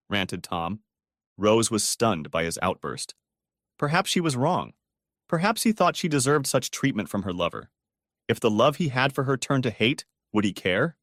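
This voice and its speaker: Expressive male storybook narrator. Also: medium pitch, moderate pace, no room sound, clean studio sound.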